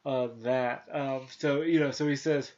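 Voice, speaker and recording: Thirties male host, casual movie chat, rambling delivery, mid-pitched voice, slightly dull recording. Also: fairly even intonation, measured pace, darkish tone. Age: 30s. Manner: rambling, many restarts and fillers, retells scenes. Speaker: podcast host.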